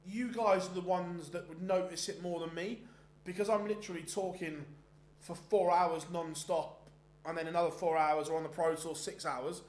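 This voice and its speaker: Bloke hosting darts stream, bit high voice, rambly chatty, echoey room. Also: male voice, fairly even intonation, normal speed. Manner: chatty, rambling, frequent um and self-restarts. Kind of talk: casual chat and live darts commentary. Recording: roomy echoey sound.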